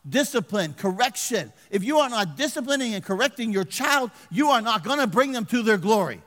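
Older man, pastor, folksy sermon, high-pitched, loud-to-hushed swings, long hall reverb. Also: sing-song, a little fast.

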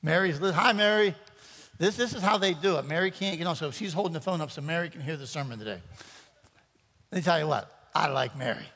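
A man's voice: fairly high pitch, a little fast, fairly bright tone. A man preaching a sermon as pastor, playful and rambling, joking with his congregation between points. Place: church sanctuary. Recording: church hall reverb.

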